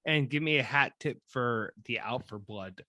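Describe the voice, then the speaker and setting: Excitable, bright-voiced podcast co-host man. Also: mid-range voice, no echo. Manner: excitable, swearing, laughing, drawn-out emphasis. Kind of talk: casual chat. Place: recorded drinking whiskey with co-host.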